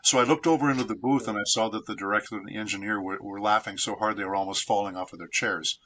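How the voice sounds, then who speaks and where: A man from San Diego with a bright, forward voice sitting at the low end of the usual male range. He tells stories from his voice acting work in an unhurried interview style, steady and reflective. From San Diego, United States. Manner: measured, reflective storyteller. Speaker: voice actor guest. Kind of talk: anecdotal interview storytelling.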